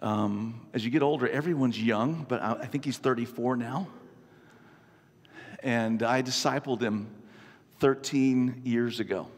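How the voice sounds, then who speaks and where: A man in his fifties preaching a sermon, an animated, self-mocking storyteller. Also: medium pitch, unhurried. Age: 50s. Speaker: pastor. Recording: long reverb from a large hall.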